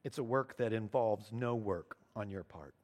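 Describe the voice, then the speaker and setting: A man preaching a sermon as pastor, earnest, slowing down to stress key lines. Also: on the low side, a little mellow. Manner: earnest preaching, slows down for emphasis.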